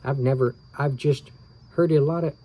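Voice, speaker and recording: A man's voice: medium pitch, fairly even intonation, normal speed, mellow, lightly acted, poor audio. A man voicing a cheerful, curious little girl in a children's book read-aloud, in a raised, eager voice.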